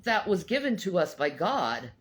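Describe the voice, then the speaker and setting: A woman's voice: fairly low pitch, sing-song, moderate pace. A woman from North Carolina co-hosting a podcast in casual chat, blunt and swearing freely. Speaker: podcast co-host.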